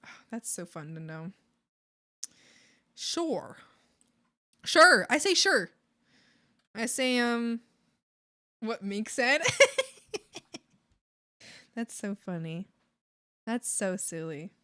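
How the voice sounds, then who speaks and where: A Canadian woman streamer chatting casually with viewers while she draws, giggly and animated, often laughing. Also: mid-range voice, slow, long pauses.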